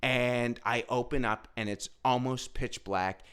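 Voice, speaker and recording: A man who is a stand-up comedian, telling a rambling, profane story in a casual, animated way. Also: medium pitch, unhurried, smooth.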